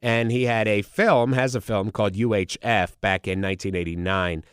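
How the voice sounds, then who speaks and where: A man's voice: fairly low pitch, steady tone, moderate pace, a bit bright, clear, resonant tone, no room sound, clean studio sound. A male podcast host talking casually and eagerly, nasal and congested from a cold, with plenty of fillers. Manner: chatty, enthusiastic, many fillers. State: congested, under the weather. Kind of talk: casual solo podcast talk.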